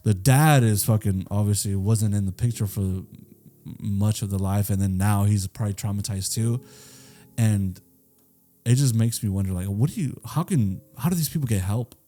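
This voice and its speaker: A man's voice: on the low side, normal speed, mellow. A young man co-hosting a podcast, retelling a true crime case in loose, profane, casual talk full of fillers. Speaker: podcast co-host.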